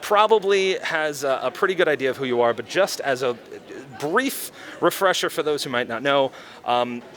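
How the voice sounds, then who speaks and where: A man's voice: fairly high pitch, expressive, moderate pace, fairly bright tone. A man interviewing a guest at a convention, hesitant and fumbling, with frequent restarts. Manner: hesitant, many fillers and restarts, laughs nervously.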